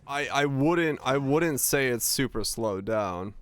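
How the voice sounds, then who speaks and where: A man's voice: mid-range voice, lively intonation, slow, fairly bright tone, clean tone. A young man streaming a game, chatting casually and swearing freely while he plays. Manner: casual, profane, chatty with chat. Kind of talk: casual gaming stream chat.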